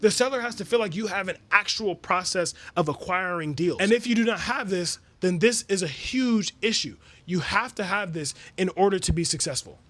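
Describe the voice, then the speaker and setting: A man's voice: high voice, moderate pace, few pauses, fairly bright tone. A man giving a motivational business coaching talk, emphatic and repetitive, firing off rhetorical questions. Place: resort suite.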